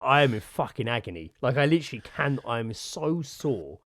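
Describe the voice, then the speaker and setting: Male co-host, mid pitch, sweary and animated storyteller, dry close mic. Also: fairly quick, no room sound. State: sore from gardening. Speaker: podcast co-host. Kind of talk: casual chat.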